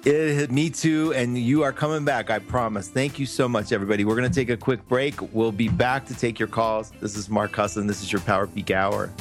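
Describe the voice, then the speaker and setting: A man hosting a live call-in radio show, chatty and effusive, breaking into quick laughs. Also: mid-range voice, fairly even intonation, over music.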